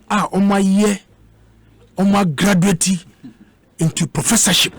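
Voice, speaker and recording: A Ghanaian man arguing combatively on a radio panel, repeating words in rapid bursts. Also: sits high, fairly even intonation, vocal fry. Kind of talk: heated panel debate.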